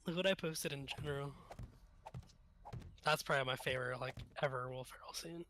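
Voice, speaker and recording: Bright-voiced man laughing through gamer chat. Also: mid-range voice, steady tone, a little fast, a little hiss or hum. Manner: easygoing, laughs readily. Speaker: game player. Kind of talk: casual gaming chat.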